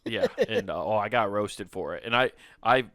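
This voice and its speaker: A man's voice: fairly low pitch, animated, normal speed, fairly bright tone, no echo. A man hosting a podcast in casual chat, self-deprecating, swearing a lot and laughing often. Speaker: podcast host.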